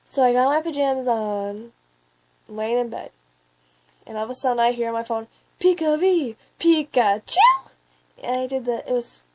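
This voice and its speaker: A teenage girl telling a long, rambling story to camera in a chatty way. She often swears and then apologizes, and she keeps breaking off into quick asides. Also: a little high, steady tone, mellow. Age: teens. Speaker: vlogger.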